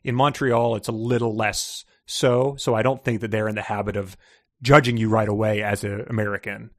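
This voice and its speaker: A man's voice: lowish voice, little pitch movement, brisk, no echo, studio quality. A man co-hosting a podcast, chatting casually and sarcastically about a book. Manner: sarcastic, laughs often. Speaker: podcast co-host. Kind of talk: casual book-discussion chat.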